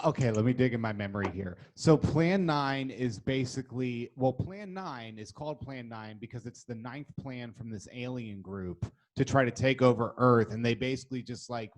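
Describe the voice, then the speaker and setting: A man co-hosting a podcast, chatting casually with enthusiasm, swearing and laughing. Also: medium pitch. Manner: enthusiastic, profane, laughs often. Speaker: podcast co-host. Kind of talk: casual chat.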